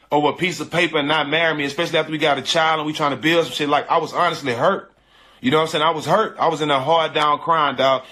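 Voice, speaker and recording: A man's voice: a little high, pushed and bright. A man earnestly recounting a painful personal story in slangy, repetitive casual talk. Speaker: guest telling a personal story. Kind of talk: emotional storytelling.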